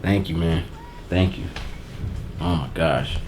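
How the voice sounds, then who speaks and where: A man hosting a casual unboxing vlog, giving heartfelt, emotional thanks in relaxed, slangy talk. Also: rumbling low, unhurried, creaky, long pauses, noisy background. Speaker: channel host.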